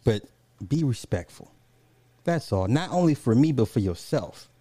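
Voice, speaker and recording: A man's voice: mid-range voice, expressive, unhurried, mellow, no echo. A man chatting casually on a live stream, reading out viewer comments and ranting, laughing often and swearing freely.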